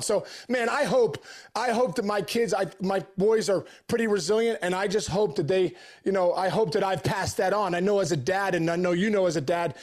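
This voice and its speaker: A man's voice: high voice, brisk. A man in his forties, a former baseball player appearing as a podcast guest, who talks earnestly and keeps stammering and restarting his sentences. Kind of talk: casual interview chat.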